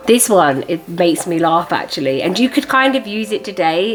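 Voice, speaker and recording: A woman's voice: medium pitch, lively intonation, fairly quick, few pauses, low-quality recording. A woman, hosting a casual history vlog in a playful, sassy way and laughing at her own jokes. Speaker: history vlogger.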